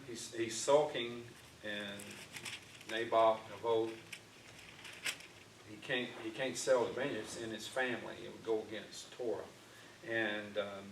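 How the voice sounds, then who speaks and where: A man teaching an informal Bible class in a church classroom, talking conversationally with frequent fillers and restarts. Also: on the low side. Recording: echoey room, distant mic, faint noise.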